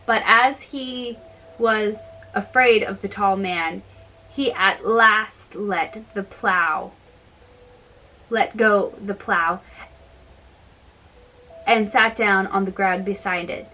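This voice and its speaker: A woman reading a fairy tale aloud slowly and carefully, with small slips. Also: medium pitch, fairly even intonation, pushed and bright, rough recording. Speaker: storyteller.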